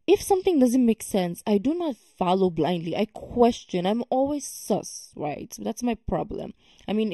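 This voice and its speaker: A woman's voice: mid-range voice, dark tone, dry recording, clean studio sound. A woman hosting a reaction video, talking casually and emphatically with many fillers and exasperated remarks.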